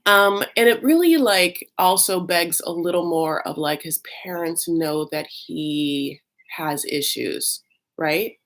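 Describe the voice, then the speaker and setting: A woman's voice: fairly low pitch, slow, a bit bright. A woman host recapping a reality show in a casual, comic, gossipy way, full of asides.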